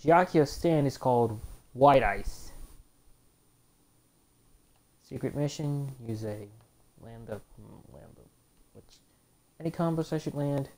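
Slow and mellow with a bass voice and long pauses, a woman gives casual let's-play commentary on a fighting game. She reads move descriptions aloud and groans whenever she loses.

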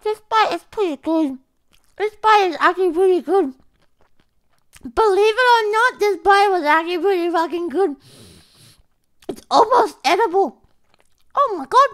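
A young woman streamer commenting on a food challenge to her viewers, dramatic and profane, swinging between low groans and shrieks. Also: animated, normal speed, pauses often, fairly bright tone. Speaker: VTuber streamer.

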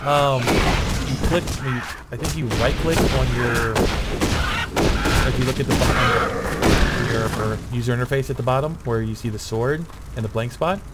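A man's voice: medium pitch, moderate pace. A man hosting a casual co-op gameplay session, laid-back and chatty, laughing often. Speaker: gaming channel host. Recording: noisy home game recording.

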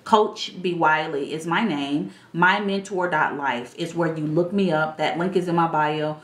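Casting note: a lower-voiced woman with a style, a blunt and chatty dating coach on a casual stream. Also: measured pace. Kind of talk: casual livestream chat. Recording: echoey room.

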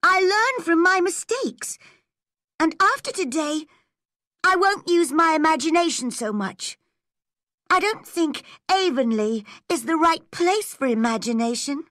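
Lady doing a very high bright storybook girl, dramatic and eager, dry sound. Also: animated, a little slow, no echo, exaggerated voice. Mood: earnest. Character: imaginative young girl, proud and dramatic.

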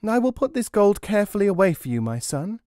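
A man doing a fussing high-voiced mother. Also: sing-song, fast talker, darkish tone, no room sound, studio quality. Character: anxious mother, a carpenter's wife.

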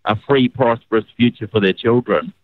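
A man's voice: mid-range voice, a little fast, no echo. New Zealand man on a phone line. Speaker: guest. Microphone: phone call.

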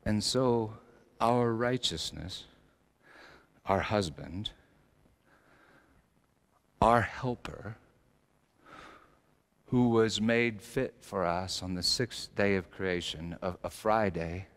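A middle-aged male pastor preaching a sermon, swinging between loud emphatic lines and hushed low phrases. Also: takes it slowly, long pauses. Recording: long hall reverb.

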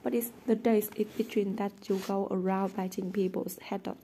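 A woman's voice: mid-range voice, fairly even intonation, normal speed, mellow, a little hiss or hum, lightly acted. Woman voicing Toby, an indignant teen boy. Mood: teasing. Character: indignant, good-natured teenage boy friend.

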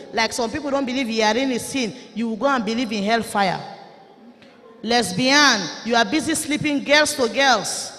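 A woman preacher with a Nigerian accent, delivering a fiery sermon, forceful and often shouting as she rebukes her listeners. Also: a little high. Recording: echoey hall reverb.

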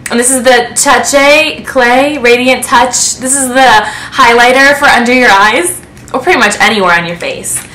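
Woman, beauty vlogger, gushing and excitable, bright tone, echoey room. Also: a little high, normal speed, slight background noise. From United States. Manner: gushing, excitable, breathless with delight. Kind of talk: casual unboxing chat to camera.

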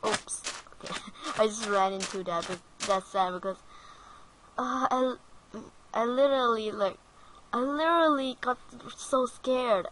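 A woman's voice: fairly high pitch, measured pace, a bit bright, a little hiss or hum, rough recording. A woman narrating her own game play in casual commentary, giggling often and easily frightened. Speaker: gaming channel host.

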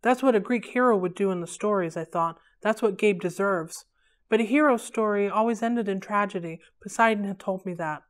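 Library read-along reader, woman, steady clear storytelling. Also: medium pitch, fairly quick. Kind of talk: reading a novel aloud.

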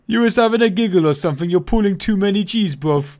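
A man putting on a foul-mouthed male cockpit voice with a British accent, loud and mocking. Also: high voice, lively intonation, fast talker, pitched above the performer's own voice. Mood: rude, mocking.

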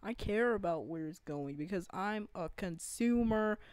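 A woman's voice: mid-range voice, expressive, measured pace, darkish tone, clean tone, no room sound, rough recording. A woman in an unscripted gaming rant, earnest and pleading, often stopping to restart her sentences. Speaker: gaming vlogger.

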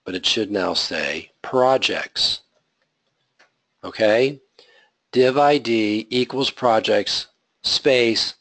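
A man's voice: mid-range voice, vocal fry, a bit bright, dry recording. A man teaching a web design class, talking through his code step by step and checking in with the students. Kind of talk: live coding lecture.

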